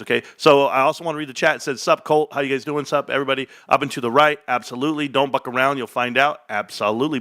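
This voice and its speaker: A man's voice: mid-range voice, bright, forceful tone, no room sound, clean studio sound. A man in his forties hosting a livestream, rambling and joking in casual, profane chat. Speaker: livestream host.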